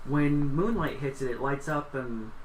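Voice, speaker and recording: A man's voice: medium pitch, unhurried, reverberant, slight background noise, natural voice. Man playing a courteous female librarian, whispered role-play, stage whisper, distant mic. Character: polite young-sounding female librarian.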